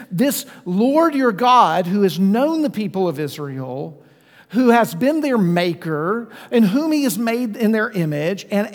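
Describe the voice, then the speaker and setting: A man preaching a sermon as pastor, talking conversationally and putting questions to his listeners. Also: high-pitched. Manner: conversational, asks the congregation questions. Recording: long reverb of a church hall.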